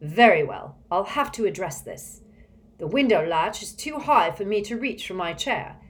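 A woman voicing an irritable, blustering old villain man who talks loudly and huffily. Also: sing-song, normal speed, lightly acted. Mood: irate. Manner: loud, shrill and huffy.

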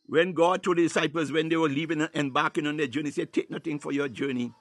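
A man's voice: on the high side, steady tone, fast, dry recording. A man preaching a sermon, filling his phrases with "hallelujah" and "ah, my God" and breaking into tongues.

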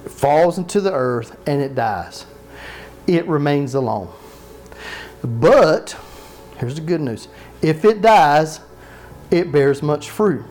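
Higher-voiced man preaching conversationally. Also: animated, slow, pauses often, darkish tone, soft background music. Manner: conversational preaching, asks the congregation questions; repeats phrases for emphasis, joking asides. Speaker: pastor. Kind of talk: sermon. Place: church sanctuary with live congregation.

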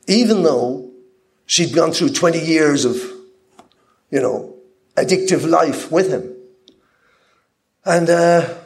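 Gravelly-voiced man sharing his recovery. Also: on the high side, darkish tone. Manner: candid, rambling, frequent restarts and repeated words. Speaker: speaker at a recovery convention. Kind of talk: personal recovery share.

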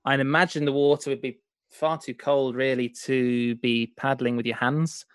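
A man's voice: mid-range voice, level tone, normal speed, clear, resonant tone, dry recording. A man co-hosting a podcast, rambling and hesitant in casual chat. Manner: rambling, hesitant, full of filler. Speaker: podcast co-host.

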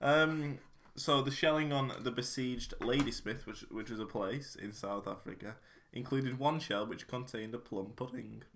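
A man's voice: mid-range voice, moderate pace, fairly bright tone, a little hiss or hum. A man hosting a podcast in a casual, chatty way. He reads out history facts, jokes around and often trips over his words. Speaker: podcast host.

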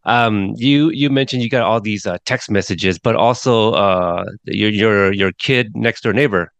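A man hosting an interview, asking questions in a measured, hesitant way with some restarts. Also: fairly low pitch, a bit bright, dry recording. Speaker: interviewer host.

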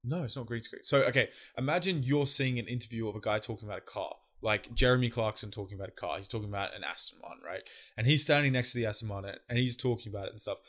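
A man's voice: mid-range voice, fast, few pauses, a bit bright. A young Australian man co-hosting a casual chat, swearing freely and explaining things at length. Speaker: podcast co-host.

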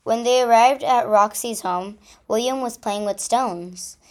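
Storyteller: woman, children's read-aloud, unhurried pace. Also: on the high side, darkish tone.

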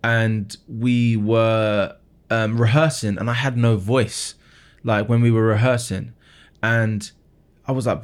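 A man's voice: lowish voice, fairly even intonation, measured pace. A man in his thirties, a musician being interviewed, telling his story earnestly with frequent restarts and repeated words. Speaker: guest musician.

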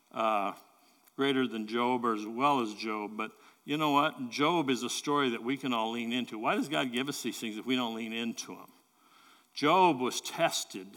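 A man preaches in a bright, ringing tone, earnest and halting, circling back over his words as he makes his point. His voice trails off into the long echo of a big hall. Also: medium pitch. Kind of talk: sermon. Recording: long reverb of a large hall.

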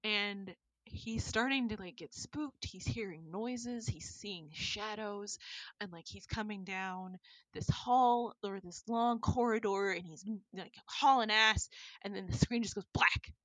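Animated woman retelling a story. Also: mid-range voice, unhurried, no echo, rough recording. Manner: animated storytelling, many fillers. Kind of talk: casual chat recapping a film.

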